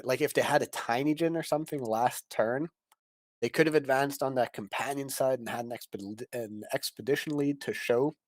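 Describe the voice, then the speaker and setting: A man's voice: mid-range voice, darkish tone, dry recording. Analytical man commentating a card game. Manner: analytical, explains plays in detail, laughs often.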